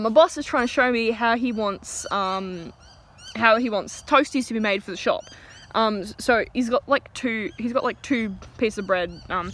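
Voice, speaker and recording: A young woman rambles through a casual story, full of fillers. Her voice is bright and slightly high. Recorded outdoors with faint birdsong and ambience behind. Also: slight background noise. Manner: rambling, chatty, many fillers.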